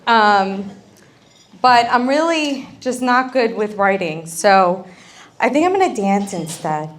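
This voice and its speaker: A woman's voice: mid-range voice, big pitch swings, slow pace. A woman, the bride's sister, giving a wedding reception toast, joking about herself and laughing often. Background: faint crowd and music.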